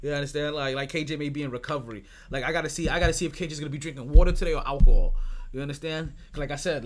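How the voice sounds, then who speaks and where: Guy hosting a sports podcast, pretty high voice, swears a lot and laughs. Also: very fast. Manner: animated, swears freely, laughs often. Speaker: podcast host. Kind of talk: casual sports podcast talk.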